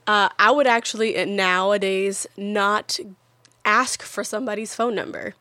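A woman on a podcast throws out quick, teasing comebacks. Her voice sits at a middling pitch and is recorded dry and close. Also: fairly even intonation, sharp tone, no echo. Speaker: podcast co-host. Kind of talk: crude casual banter.

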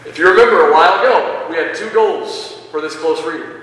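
A man demonstrating a lesson for teachers, animated and expressive, questioning his audience and reading passages aloud with feeling. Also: a little high, fairly quick. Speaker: teacher leading a teacher workshop. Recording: echoey hall, from a distance.

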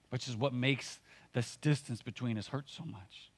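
A man's voice: mid-range voice, takes it slowly, husky. A man preaching a sermon as pastor, earnest and conversational, often using filler words and restarting his sentences.

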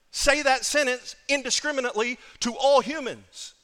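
A male pastor preaching with emphasis, his voice high and bright, leaning hard on repeated phrases. His words ring out with a long hall reverb behind them. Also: lively intonation, normal speed. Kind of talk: sermon.

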